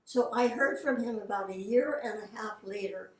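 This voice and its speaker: A woman's voice: medium pitch, moderate pace. An older woman, a voice actress, telling anecdotes in a chatty, casual way and quoting the people in her stories. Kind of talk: casual storytelling. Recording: roomy, from a distance.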